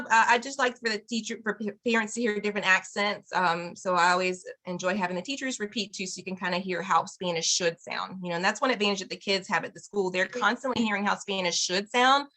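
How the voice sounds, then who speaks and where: A woman's voice: medium pitch, a little fast, bright, forceful tone. A woman teaching an online Spanish class to parents, cheerful and encouraging, laughing often over a video call.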